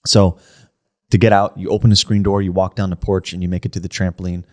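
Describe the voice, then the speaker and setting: A man's voice: deep voice, little pitch movement, fast talker, a little mellow. A man co-hosting a comedy podcast, telling a story casually and often saying "like" and "right?". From New Jersey, USA. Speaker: podcast co-host. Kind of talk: casual chat.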